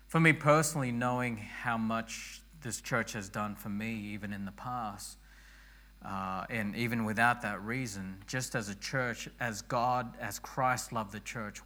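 A man preaching a sermon as pastor, hoarse and losing his voice, earnest and rousing, often restarting his words. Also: medium pitch, sharp tone.

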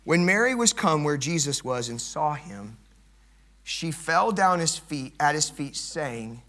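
A middle-aged male pastor delivering a sermon with a high, ringing voice. His tone is bright and forceful. He swings between loud, emphatic build-ups and quiet, hushed stretches. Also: expressive, a little slow.

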